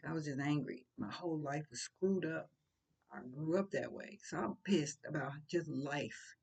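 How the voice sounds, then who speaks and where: A woman's voice: sits low, normal speed, vocal fry, a little mellow, breathy edge. An older woman giving casual, preachy commentary, blunt and full of rhetorical questions. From St. Louis.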